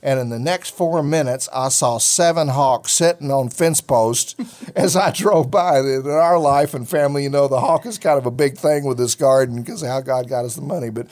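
A middle-aged man hosts a ministry talk show, sharing a personal faith story in casual, chatty fashion. His voice is medium-pitched and somewhat dark, moving at a moderate pace, and he rambles folksily with plenty of fillers.

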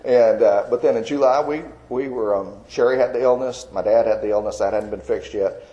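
Older male, folksy testimony, lowish mellow voice, dull lo-fi sound. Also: fairly quick. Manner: folksy storyteller with many fillers. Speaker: Christian artist telling his testimony. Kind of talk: personal testimony.

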